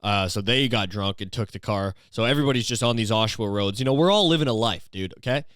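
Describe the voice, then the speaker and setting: A young man from Canada hosting a podcast, rambling through a crude comedic monologue full of filler phrases and deadpan dark jokes. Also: on the low side, fast, clean tone, dry recording, studio quality. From Ontario, Canada. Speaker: podcast host.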